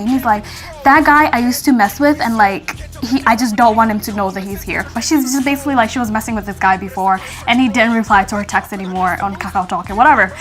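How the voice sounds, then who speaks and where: A young woman casually telling a story to her viewers, chatty and animated, acting out what people said. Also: a little high, brisk, faint music behind. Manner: chatty, animated, acts out quotes, frequent "like".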